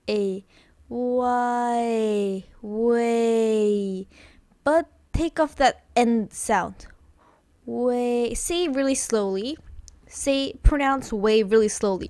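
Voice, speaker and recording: A woman's voice: a little high, a little mellow, no room sound. A woman with Korean as her first language, teaching Korean pronunciation in English, repeating each example sound many times and drawing it out. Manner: drawn-out example sounds, frequent fillers. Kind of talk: slow, repetitive pronunciation lesson.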